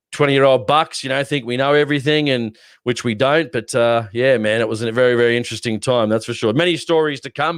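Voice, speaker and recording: An Australian man co-hosting a podcast tells a rambling, lively story in a relaxed chat. His voice sits at a middle pitch. The sound is dry and close. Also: no echo. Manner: rambling, animated storyteller who acts out shouting. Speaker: podcast co-host.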